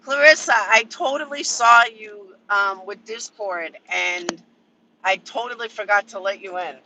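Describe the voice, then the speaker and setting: Bright, sharp-voiced man venting on a livestream. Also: sits high, slight background noise, low-quality recording. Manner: profane, venting, answers chat by name. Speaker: livestream commentator. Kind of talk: casual livestream rant.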